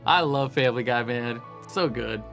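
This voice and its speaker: A man who is a voice actor guest, chatting excitedly and playfully, with laughter throughout. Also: medium pitch, moderate pace, soft background music. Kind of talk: casual interview chat.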